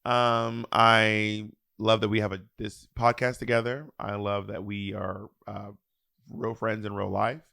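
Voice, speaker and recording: A man's voice: flat delivery, a little slow, vocal fry, bright, forceful tone, clean tone, no echo, studio quality. A man in his thirties from Atlanta, co-hosting a podcast in casual, playful chat. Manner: playful, acts out his mother in a high voice. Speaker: podcast co-host.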